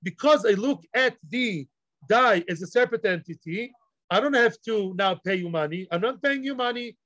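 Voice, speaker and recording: A man's voice: sits high, animated, moderate pace, a bit bright, no echo. A man teaching a Talmud class, playfully acting out both sides of the argument and mixing Hebrew and Yiddish terms into his talk. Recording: dull, lo-fi dry recording.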